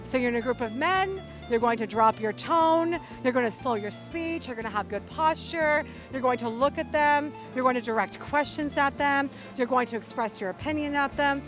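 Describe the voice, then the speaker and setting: A woman hosting a show, coaching her viewers straight to camera in an animated, playful way and acting out little quotes. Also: high-pitched, normal speed, few pauses, music in the background. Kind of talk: direct-to-camera coaching talk.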